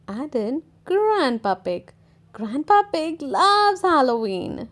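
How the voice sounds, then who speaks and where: A woman reading a children's picture book aloud in an expressive, gently paced way. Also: sits high, slow pace. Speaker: storytime reader. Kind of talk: children's read-aloud narration.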